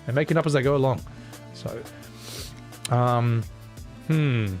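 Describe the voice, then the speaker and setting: A man's voice: mid-range voice, unhurried, faint music behind. A man streaming live, reading out chat messages and answering in a rambling, casual way with lots of fillers and chuckles.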